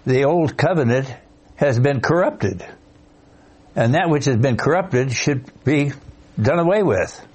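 A man's voice: medium pitch, lively intonation, a little slow, long pauses, darkish tone, husky. A man in a Bible study group joining the discussion and quoting scripture.

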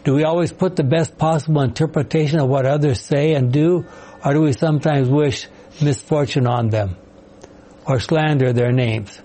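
A man's voice: on the high side, normal speed, warm tone, low-quality recording. A man leading a Bible study class, asking questions, explaining passages and calling on members to read. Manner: questioning, explanatory, calls on readers.

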